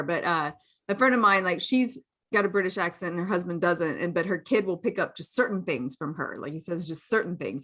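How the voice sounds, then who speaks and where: A woman's voice: mid-range voice, a bit bright. A woman in her forties co-hosting a podcast, chatting casually, swearing, laughing often and joking at her own expense. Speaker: podcast co-host. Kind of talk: casual chat.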